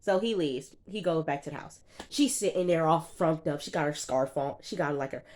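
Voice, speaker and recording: Low-voiced woman recapping reality TV. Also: moderate pace, darkish tone. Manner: sassy and chatty, talking straight to the viewer. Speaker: TV reviewer. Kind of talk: casual reality-show recap.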